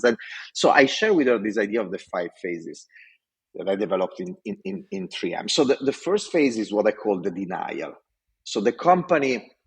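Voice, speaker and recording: A man's voice: on the low side, husky, poor audio. A man in his forties from Italy, with an Italian accent, passionately telling stories as a podcast guest. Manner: passionate, animated storyteller. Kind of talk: interview storytelling.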